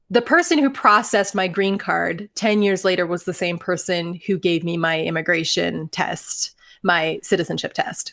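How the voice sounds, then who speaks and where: A woman in her thirties from Canada, co-hosting a podcast and telling stories in a casual, animated way with frequent laughs. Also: mid-range voice. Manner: animated storytelling, laughs often. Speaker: podcast co-host. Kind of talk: casual chat.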